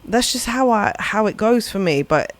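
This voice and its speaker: A woman's voice: mid-range voice, lively intonation, moderate pace. Rambling woman musician on stream. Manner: rambling, reflective, swears casually. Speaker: livestreaming musician. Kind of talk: casual chat on a live stream.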